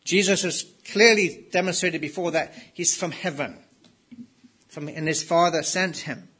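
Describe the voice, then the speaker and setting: A man's voice: fairly high pitch, unhurried, fairly bright tone, slightly rough. A man preaching a sermon in an emphatic way, repeating key words for stress.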